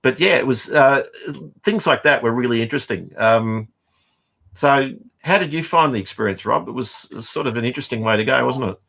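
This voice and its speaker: Speaking briskly with vocal fry, this middle-aged comics writer and teacher has a medium-pitched voice with a fairly bright tone. In a casual chat, he wanders along with lots of fillers and false starts.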